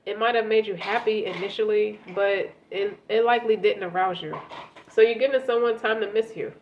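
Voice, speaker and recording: A woman's voice: mid-range voice, brisk, lo-fi sound, slight background noise. A woman with a congested, stuffy voice giving a casual tarot reading, talking straight to the listener and often repeating words as she goes. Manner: conversational, repeats words, speaks directly to the listener. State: congested from a cold. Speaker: tarot reader.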